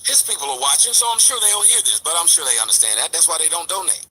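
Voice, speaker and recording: A man with a high, piercing voice that has a husky edge gives a heated, profane rant. He mocks the people he talks about and turns to address his viewers again and again. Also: wildly swooping pitch, fast talker, pushed and bright, low-quality recording. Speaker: commentary vlogger. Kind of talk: ranting commentary.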